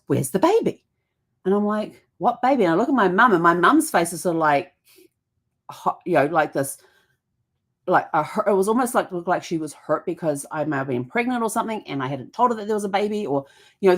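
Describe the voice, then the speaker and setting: Middle-aged woman vlog host, lowish voice, rambling storyteller who laughs easily. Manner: chatty, rambling, laughs often, acts out quoted voices.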